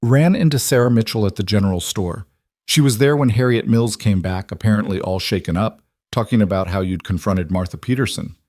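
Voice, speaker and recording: A man voicing a quiet mountain man who talks in short, clipped sentences. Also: fairly low pitch, fairly quick, dry recording, studio quality, lightly acted. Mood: calm. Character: quiet mountain man, steady and plain-spoken.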